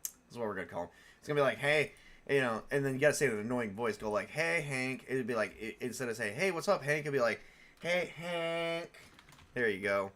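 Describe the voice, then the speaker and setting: Talking at a racing pace in a medium-pitched, slightly bright voice, a live stream host puts together tabletop game characters. He thinks out loud in a rambling way, chuckles a lot, corrects himself, and fields viewer questions.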